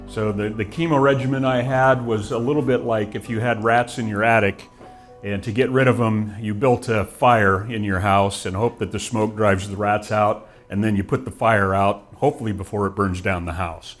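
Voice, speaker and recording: A man's voice: on the low side, fairly even intonation, moderate pace, music in the background. A man in his forties giving an earnest, reflective personal testimony, with frequent restarts. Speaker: guest telling his story.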